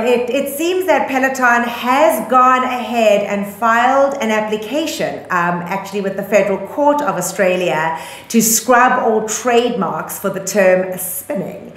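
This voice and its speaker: A woman's voice: on the high side, expressive, a little slow, a bit bright, echoey room. A woman with a South African accent co-hosting a casual news podcast, chatty and full of ums, laughing easily. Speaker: podcast co-host.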